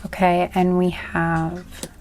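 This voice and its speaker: A woman's voice: lowish voice, completely flat delivery, slow, darkish tone, slight background noise. A woman giving a casual tarot card reading, chatty and rambling, often apologizing and laughing at herself. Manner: rambling, apologetic, self-deprecating. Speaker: tarot reader.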